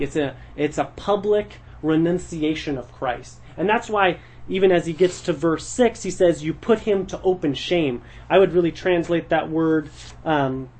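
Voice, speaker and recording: A man's voice: fairly high pitch, a little mellow, breathy edge. A man teaching a church Bible study in a conversational way, explaining the text verse by verse and thinking aloud as he goes.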